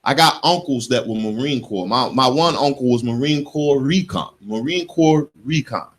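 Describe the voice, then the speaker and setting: A man in his forties, from the United States, hosting a radio show in a studio and telling stories in an animated, joking way, laughing at himself. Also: medium pitch, moderate pace. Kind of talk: casual radio talk.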